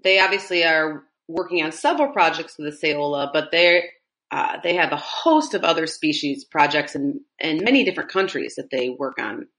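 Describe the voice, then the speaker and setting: A woman's voice: deep voice, animated, normal speed, fairly bright tone. A woman with a Midwestern American accent hosting a podcast interview, asking rambling, enthusiastic questions. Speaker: podcast host. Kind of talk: casual interview chat.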